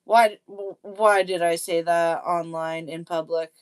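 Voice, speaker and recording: Slow-talking woman chatting on a live stream. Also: on the low side, steady tone, clear, resonant tone. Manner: chatty, self-deprecating, laughs often. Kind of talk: casual live-stream chat.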